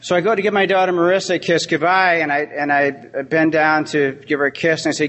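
A man's voice: fairly high pitch, fairly even intonation, fairly quick, hardly any pauses, fairly bright tone. A middle-aged man giving an AA talk, telling a story from his sobriety with heartfelt, dry humor. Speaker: AA speaker. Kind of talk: recovery talk. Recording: long hall reverb.

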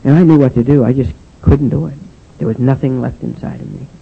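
An older man giving a personal testimony speech about his recovery, halting and restarting often with "and, uh". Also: mid-range voice, creaky, breathy edge. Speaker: speaker sharing his recovery story. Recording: dull lo-fi recording.

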